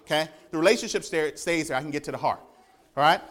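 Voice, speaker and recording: A man in his thirties preaching a sermon in a church, animated, often repeating words as he builds up. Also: fairly high pitch, fast talker. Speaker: pastor.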